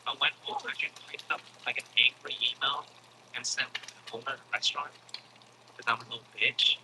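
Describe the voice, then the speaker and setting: A man telling a comic story in a casual, animated style, swearing freely and acting out other people's voices. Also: medium pitch, a little fast, background noise. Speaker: comedian. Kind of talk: stand-up comedy storytelling.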